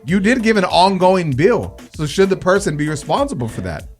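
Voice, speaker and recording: A man's voice: high-pitched, very animated, brisk, faint music behind. A man in his thirties hosting a radio show, joking and laughing as he steers the chat. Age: 30s. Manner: joking, laughs often, leads the segment. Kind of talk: casual radio banter.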